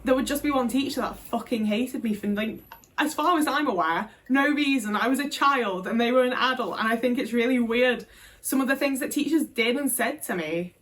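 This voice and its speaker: Young woman vlogging, swears a lot, kinda high voice, lots of likes and restarts. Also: a little fast, fairly bright tone. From Britain. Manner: frank, frequent swearing, emphatic; many fillers and restarts. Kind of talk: casual storytelling to camera.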